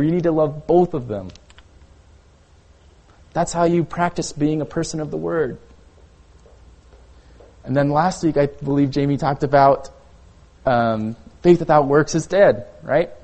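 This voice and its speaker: A young man delivers a casual sermon as a youth pastor, his voice sitting a little high. He talks conversationally, leaning on filler words as he tells personal stories. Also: warm tone.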